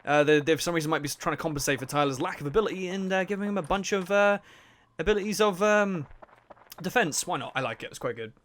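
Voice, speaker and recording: A man's voice: fairly high pitch, fast, fairly bright tone. A man giving casual, rambling commentary over a video game. He jokes, swears a lot and laughs often. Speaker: let's play host.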